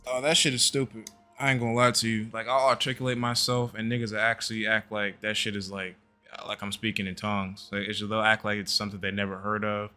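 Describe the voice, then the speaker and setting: A man's voice: lowish voice, level tone, fast, bright, forceful tone, clean tone, soft background music. A man hosting a reaction video, commenting in a blunt, profane rant. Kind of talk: casual commentary.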